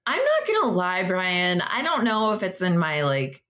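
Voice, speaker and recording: A young woman co-hosting a podcast, telling a story in casual chat, acting out quotes and jumping up in pitch when excited. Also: moderate pace. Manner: animated storyteller, acts out quotes, jumps high when excited. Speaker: podcast co-host.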